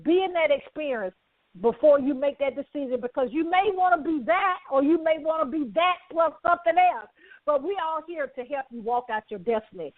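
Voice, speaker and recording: A woman's voice: high voice, no room sound. A woman hosting a talk show, speaking with effusive, repeating enthusiasm and frequent laughs. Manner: effusive, repetitive, laughs often. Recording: dry, tinny phone-like audio.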